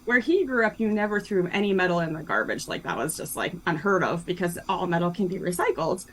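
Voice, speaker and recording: A woman's voice: on the low side, expressive, fast, a little hiss or hum, rough recording. A young woman being interviewed about her children's book, talking casually and cheerfully with lots of "um" and "like". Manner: chatty and upbeat, many fillers like "um" and "like". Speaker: guest, children's book co-author.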